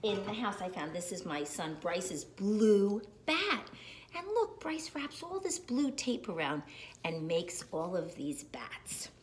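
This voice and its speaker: A woman reading a picture book aloud to children in a slow, animated, sing-song way. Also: medium pitch, background noise.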